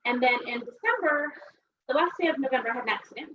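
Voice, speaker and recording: Woman, 30s from Texas, chatty and rambling storyteller at a seminar, slightly high voice, recorded from a distance on a dull, noisy track. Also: quick pace, echoey room. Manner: chatty, rambling, many fillers. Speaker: seminar speaker. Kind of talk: personal story talk.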